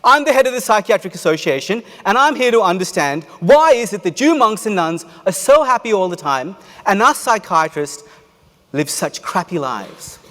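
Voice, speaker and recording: A man voicing a self-important male psychiatrist who shouts in exasperation, recorded in an echoey hall. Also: on the high side, animated, slow pace, few pauses, heavily acted. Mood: outraged. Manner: loud, demanding, exasperated.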